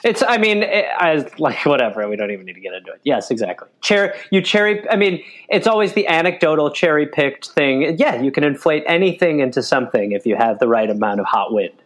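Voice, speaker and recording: A man co-hosting a comedy podcast, tossing in quick jokes, silly voices and short reactions. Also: on the high side, animated. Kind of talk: casual comedic banter.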